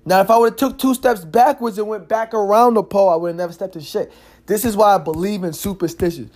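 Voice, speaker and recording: A man hosting a casual solo podcast, telling stories in an animated, slangy way, cursing freely and filling his talk with "yo" and "like". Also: sits high, brisk. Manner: animated, slangy storytelling with frequent "yo" and "like"; curses freely. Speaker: podcast host.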